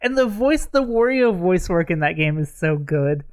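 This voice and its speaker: A man's voice: high voice, lively intonation, moderate pace, darkish tone, clear, resonant tone, no room sound, clean studio sound. A man co-hosting a pop culture podcast, welcoming listeners with playful, wry jokes. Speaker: podcast co-host. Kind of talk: casual chat.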